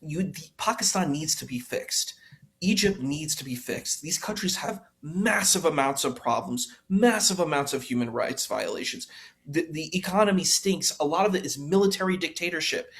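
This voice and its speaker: A man hosts a casual reaction stream and rants with heat. His voice sits a little high and rises on his sharp rhetorical questions. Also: animated. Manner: heated, ranting, quick rhetorical questions. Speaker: stream host reacting to a debate.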